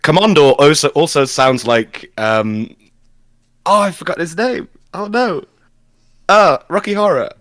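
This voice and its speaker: Male co-host, dry close mic, lively and wry, cracking jokes. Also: a little high, no room sound. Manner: wry, quick, joking. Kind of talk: casual chat on a live stream.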